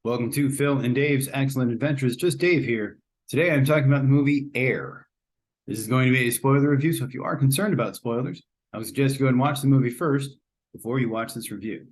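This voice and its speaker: A man's voice: mid-range voice, fast talker. A man hosting a casual spoken movie review, chatty and rambling, often hedging and restarting his sentences. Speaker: host.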